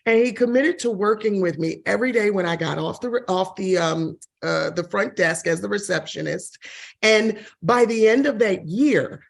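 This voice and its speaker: Woman w a gravelly edge, real estate + tv host talking about her career, lots of laughs, expressive. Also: moderate pace. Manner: expressive, laughs often, shifts pitch when quoting others. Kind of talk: interview answer, personal story.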